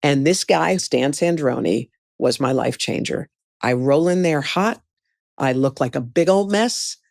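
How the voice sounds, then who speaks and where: Middle-aged woman, guest storyteller, lively, slips into other people's voices; lowish pitch, dry close sound. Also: a little slow, gravelly, no room sound. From United States. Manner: animated, acts out the people in her story. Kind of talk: storytelling in a conversation.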